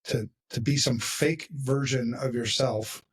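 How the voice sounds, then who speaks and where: Blunt, husky-voiced man hosting a podcast. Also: medium pitch, fairly even intonation, unhurried, far from the mic. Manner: blunt, emphatic, swears freely. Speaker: podcast host. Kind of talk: casual podcast chat.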